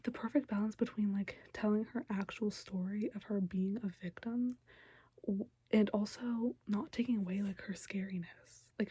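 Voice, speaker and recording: Young woman reviewer, whispered role-play delivery, husky and close, dry room. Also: mid-range voice, dry recording. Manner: soft whispery recap, many fillers. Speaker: show reaction youtuber.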